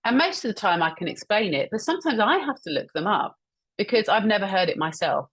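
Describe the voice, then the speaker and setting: A woman with a medium-pitched, slightly bright voice and a breathy edge talks fast and very animatedly while presenting an instructional webinar on a video call. A communication trainer, she's encouraging and explains points through examples she repeats back.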